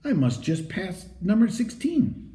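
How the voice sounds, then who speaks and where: A man's voice: high-pitched, big pitch swings, unhurried, warm tone, roomy sound, pitched above the performer's own voice. A man voicing an earnest, modest boy runner in a storybook, speaking in a plain, polite, determined way.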